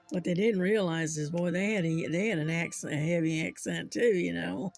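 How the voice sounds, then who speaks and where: An older host with a Southern US accent, talking slowly and unhurriedly in a gravelly voice. The chat rambles from one story to the next, broken up by soft chuckles, with faint music playing underneath. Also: mid-range voice. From Southern United States. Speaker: channel host.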